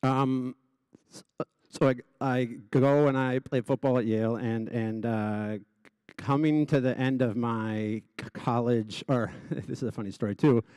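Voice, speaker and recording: A man's voice: mid-range voice, steady tone, unhurried, warm tone, clear, resonant tone, no room sound. A man who stutters openly, with repeated sounds and restarts, gives a personal speech as an honoree before a live audience. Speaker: gala honoree giving a speech.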